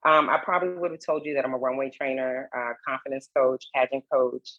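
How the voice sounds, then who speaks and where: Woman runway coach guesting on a talk show, gracious and measured, dull dry muffled sound. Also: rumbling low, fairly even intonation, a bit bright, no room sound.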